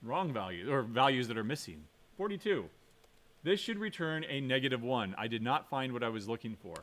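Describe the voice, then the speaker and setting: A man's voice: medium pitch, big pitch swings, a little fast, a bit bright. A man giving a computer science lecture while coding, thinking aloud, quizzing the class and correcting himself.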